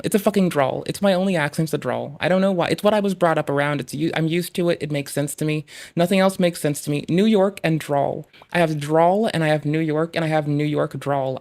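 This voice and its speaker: A woman's voice: deep voice, darkish tone. A woman streamer chatting casually, rambling and swearing with self-mocking humor while reading old newspaper ads aloud.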